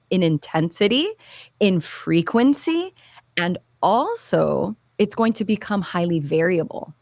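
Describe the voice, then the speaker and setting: A woman who founded a therapy clinic, explaining in an animated way and acting out parents and children in little quotes. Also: lowish voice, dry recording. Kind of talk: explanatory talk-show chat.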